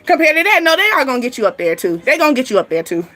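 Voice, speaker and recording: Racing along in a high voice, a woman hosting a spiritual reading channel reads energies for her viewers in a casual way. She's sassy and animated, laughs a lot, and addresses the listener directly.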